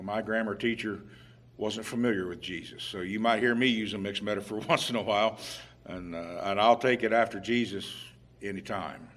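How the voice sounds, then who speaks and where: A man preaching a sermon, unhurried with occasional fillers, growing emphatic and louder on key points. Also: on the low side. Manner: emphatic, rising in volume on scripture quotes.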